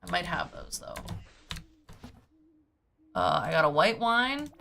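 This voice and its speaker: A woman's low-ish, slightly bright voice is very animated yet slow, with vocal fry and slight background noise. Playing a cozy farming game on stream at home, she chats goofily with herself and hums and scats as she sorts her items.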